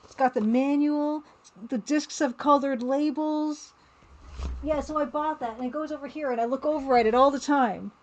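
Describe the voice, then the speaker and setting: Woman, livestreaming artist, casual chat, playful, laughs easily, fairly high voice. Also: fairly even intonation, moderate pace, lo-fi sound. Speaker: livestreaming artist and game developer.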